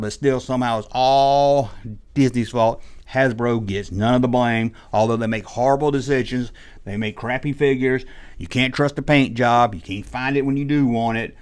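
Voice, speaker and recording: A man's voice: medium pitch, normal speed, clean tone. A man ranting in a rambling, exasperated monologue about the toy business, slipping into mock quotes. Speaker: toy collector YouTuber. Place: indoors, audio only.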